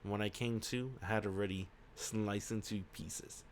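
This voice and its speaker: A man reading the lines of a quiet young male protagonist in a subdued, flat way. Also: fairly low pitch, measured pace. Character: quiet young man narrating his own story.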